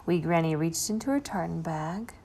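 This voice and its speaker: A woman reading a children's storybook aloud, expressive and slowing for effect. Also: on the low side, husky. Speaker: storybook reader. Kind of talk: children's book read-aloud.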